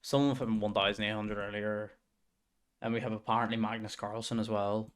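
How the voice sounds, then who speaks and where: A man's voice: lowish voice, level tone, brisk, smooth. Muttering young man streaming. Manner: banters with chat, swears, mutters under his breath. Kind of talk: casual stream commentary with voice-over.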